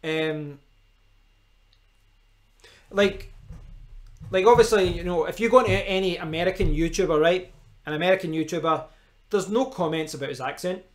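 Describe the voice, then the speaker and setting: Scottish male streamer, loose rambling chat, voice sits a touch high. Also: moderate pace, long pauses. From Scotland. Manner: rambling, chatty, frequent restarts and fillers. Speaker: live stream host. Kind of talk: casual chat.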